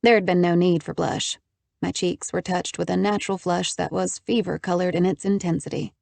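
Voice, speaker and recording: A woman narrating a first-person audiobook in an even, measured storytelling manner with wry asides. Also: lowish voice, creaky, dry recording.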